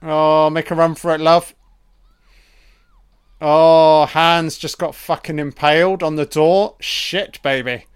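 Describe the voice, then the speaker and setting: Guy swearing his way through a horror film commentary, kinda high voice, takes his time. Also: slow pace, clear, resonant tone. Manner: profane, excitable, keeps calling the characters love and baby. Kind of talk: crude live film commentary.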